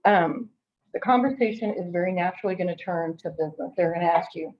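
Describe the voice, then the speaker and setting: A woman's voice: fairly low pitch, fast talker, lo-fi sound. Chatty middle-aged woman trainer. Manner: chatty, repeats and restarts, acts out quoted callers. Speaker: real estate trainer. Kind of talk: conversational training talk.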